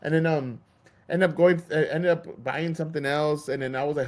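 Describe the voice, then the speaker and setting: Man, host, fired-up profane rant, a touch high in pitch. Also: fairly quick. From Texas. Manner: heated, swearing, acts out store clerks. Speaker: podcast host.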